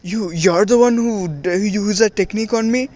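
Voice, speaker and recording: A man's voice: high-pitched, fairly even intonation, measured pace, warm tone. A man voicing a flustered old male sage who stammers when scared. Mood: startled. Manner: stammering, jumpy.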